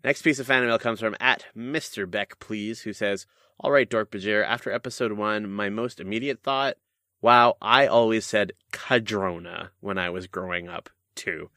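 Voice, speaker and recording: Young guy hosting a podcast, kinda low voice, dry close mic, reads fan mail and jokes around. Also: sharp tone, dry recording. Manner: reads listener mail aloud, quick jokey banter. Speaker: podcast host. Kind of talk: casual podcast chat.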